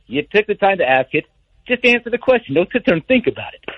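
A man calling into a radio show, ranting in an animated, exasperated way. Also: high voice, fast, no echo. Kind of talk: ranting call-in commentary. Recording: tinny phone line.

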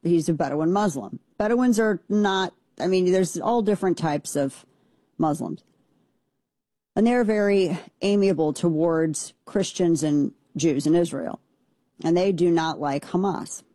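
Brief: lower-voiced woman, mellow tone, forceful opinion talk, dry close recording. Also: measured pace, dry recording. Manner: emphatic, blunt, rambling with restarts. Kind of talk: opinionated monologue.

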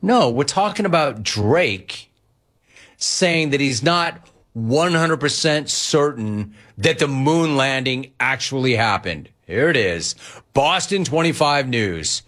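A man hosting sports talk radio, ranting in an animated way and mimicking other people as he talks. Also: mid-range voice, takes it slowly. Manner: animated, ranting, quoting others in mock voices.

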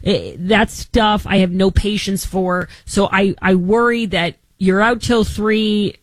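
A woman's voice: mid-range voice, steady tone, slow, dry recording, rough recording. Talk radio host, woman, chatty and opinionated, stumbles over words, dry studio sound. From Massachusetts. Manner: chatty, hesitant restarts, opinionated. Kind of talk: casual talk radio chat.

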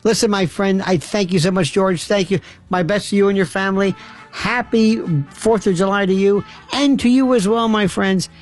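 A man's voice: high voice, steady tone, faint music behind. A man hosting a late-night call-in radio show, theatrical and effusive, bantering with callers and signing off. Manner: theatrical, effusive, quick asides. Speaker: radio talk show host.

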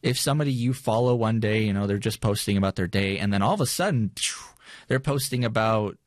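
Low-ish guy podcast cohost, lots of ums and restarts, dry close sound. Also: fast talker, no echo. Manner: rambling, many fillers and restarts. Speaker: podcast co-host. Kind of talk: casual chat.

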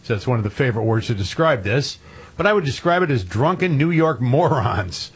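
A man's voice: medium pitch, lively intonation, brisk, breathy edge. A man co-hosting a radio show, reading news stories with wry, sardonic commentary. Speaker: radio co-host. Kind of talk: morning radio banter.

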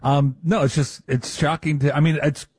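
A man's voice: a little high, steady tone, normal speed, darkish tone, breathy edge, no room sound, studio quality. A man co-hosting a casual on-air chat, answering with wry jokes. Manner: wry, joking reactions. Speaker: radio show co-host.

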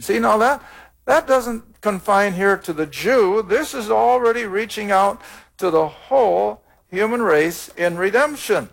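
A man's voice: high voice, lively intonation, unhurried, gravelly. A man teaching the Bible on a taped program, reading scripture aloud and explaining it in a plain, earnest way.

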